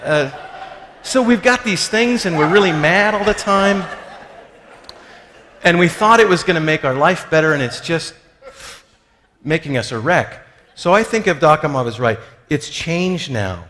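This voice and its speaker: Bright and forceful, his voice on the high side with lively intonation, a man at a moderate pace gives a humorous, conversational teaching talk on spiritual life. He makes jokes at his own expense and acts out quoted voices, with the long reverb of a large hall behind him.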